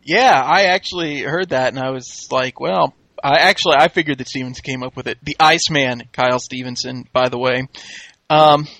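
A man's voice: medium pitch, normal speed, a bit bright, dry recording. A man hosting a casual podcast chat, wry and joking, often laughing. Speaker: podcast host recapping a wrestling show.

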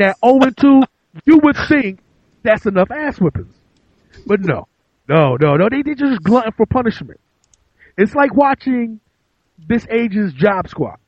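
A man's voice: sits high, no echo, dull audio. A man in a casual chat, ranting and mocking with crude language.

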